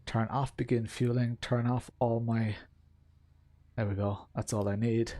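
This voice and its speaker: A young man streaming a sim race with live, chatty commentary. His pitch sits right in the middle range for a man. He rambles and restarts his sentences as he drives. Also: flat delivery, measured pace, mellow.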